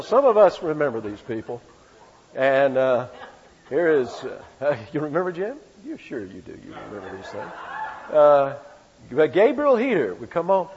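A man's voice: fairly high pitch, darkish tone, slightly rough. An older man preaching an expository sermon, emphatic and full of rhetorical questions and repeated phrases. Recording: reverberant hall, dull lo-fi sound.

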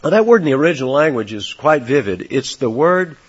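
A man preaching an expository sermon, stressing words hard and dropping to a near hush for effect. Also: mid-range voice, sing-song, fairly quick, breathy edge, muffled recording. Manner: emphatic, swings between loud and soft for stress. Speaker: pastor.

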